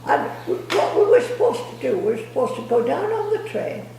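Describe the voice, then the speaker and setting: Older grandma rambling through old stories, high and gravelly, far off in an echoey room. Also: female voice, big pitch swings, a little fast, warm tone, a little hiss or hum. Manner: rambling, repeats words, laughs through stories. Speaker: grandmother telling family stories. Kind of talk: casual storytelling. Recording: echoey room, distant mic.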